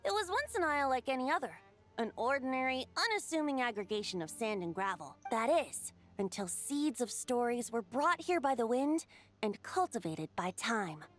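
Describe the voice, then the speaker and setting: A woman's voice: on the high side, very animated, normal speed. A woman voicing a playful young male bard who is a wind god, speaking as a lilting, teasing storyteller in a video game. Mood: solemn.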